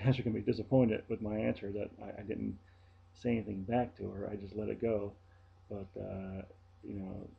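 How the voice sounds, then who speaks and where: A man with a low, gravelly voice talks casually to his viewers. He tells the story in a chatty, blunt way. The sound is dull and lo-fi. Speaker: vlogger and flight attendant. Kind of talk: casual vlog monologue.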